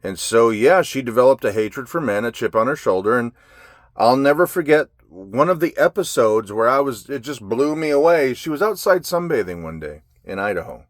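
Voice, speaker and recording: A man's voice: mid-range voice, animated, moderate pace, dry recording, clean studio sound. A man telling his life story in a raw, blunt monologue, swearing constantly. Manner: heavy profanity, blunt and agitated.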